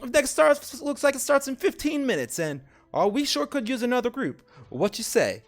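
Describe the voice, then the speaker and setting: A man voicing a flamboyant male arena promoter with a high, drawling showman voice. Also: sing-song, normal speed, soft background music, exaggerated voice. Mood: wheedling.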